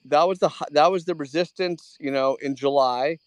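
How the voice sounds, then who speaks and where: Smooth-voiced man hosting a trading Q&A. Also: on the high side, no echo. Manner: blunt, quick, drops bits of French. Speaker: host of a trading Q&A. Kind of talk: casual live audio chat.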